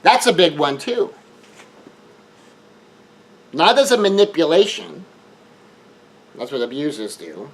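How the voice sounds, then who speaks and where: Poor audio carries a man's fairly high, sing-song voice as he earnestly offers relationship advice alone. He repeats words when he hurries to make a point and acts out the scenes he quotes.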